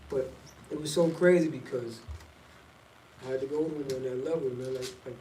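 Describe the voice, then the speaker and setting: A man's voice: medium pitch, steady tone, moderate pace, darkish tone, soft background music. Rambling middle-aged man, echoey and distant. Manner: loose and rambling, slangy, jumps between topics. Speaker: vlogger. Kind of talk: casual storytelling monologue. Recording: echoey, from a distance off the mic, faint ambience.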